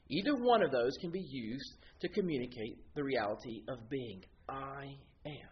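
A man preaching an expository sermon, explaining Greek words step by step in an animated teaching manner. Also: medium pitch, normal speed. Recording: dull lo-fi sound with faint noise.

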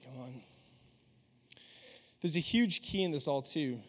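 A young man preaching with a slightly high voice. He talks in an earnest, conversational way. A long hall reverb trails each phrase. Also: animated, measured pace, breathy edge. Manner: earnest, conversational, acts out quoted dialogue. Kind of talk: sermon.

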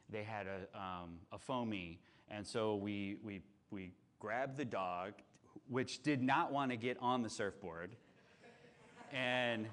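A man preaching to his church, telling a personal story in a chatty, animated way with lots of fillers and restarts. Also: medium pitch. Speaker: pastor. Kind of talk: storytelling sermon.

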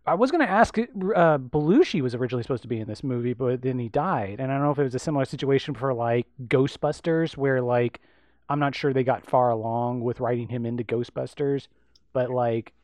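A man's voice: medium pitch, brisk, a little mellow, dry recording. A man co-hosting a podcast, chatting casually about a film, rambling with lots of fillers and restarts. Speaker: podcast co-host.

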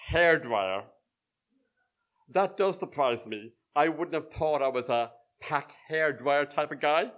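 A man's voice: fairly high pitch, fairly bright tone. A middle-aged man telling a true personal story live on stage to an audience, with dry, wry humour. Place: small live venue with audience.

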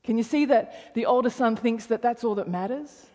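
A woman's voice: a little high, normal speed, a little mellow. Emphatic woman preaching in a reverberant hall. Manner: emphatic, repeats phrases for stress, drops to near whisper. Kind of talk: sermon.

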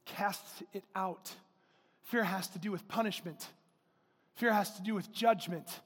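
A male pastor preaching a sermon, emphatic, rising to loud exclamations. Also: high-pitched, unhurried, husky, long reverb tail. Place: church.

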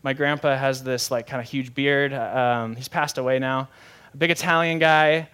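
A man's voice: medium pitch, steady tone, normal speed, a bit bright, clean tone. A young adult man, a pastor preaching a sermon in a conversational, candid way with self-deprecating humor.

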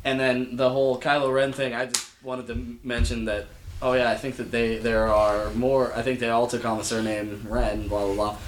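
A young man co-hosting a casual podcast chat, speaking in a measured, hesitant way with fillers. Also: mid-range voice, level tone. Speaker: podcast co-host. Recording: roomy, faint background noise.

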